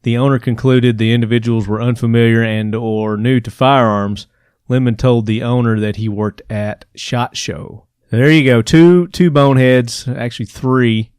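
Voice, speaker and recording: A man hosts a podcast and works through news items with a mocking, exasperated edge, often laughing at what he reads. His voice is smooth and resonant at an average pitch. The sound is close and dry, with no room around it. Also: steady tone, normal speed, a little mellow, dry recording. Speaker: podcast host. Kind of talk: casual commentary reading news.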